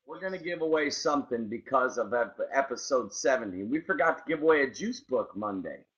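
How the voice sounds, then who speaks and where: A man's voice: medium pitch, animated, fairly quick, a bit bright. A male co-host in casual chat who enthusiastically greets listeners by name. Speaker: podcast co-host. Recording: dull lo-fi sound.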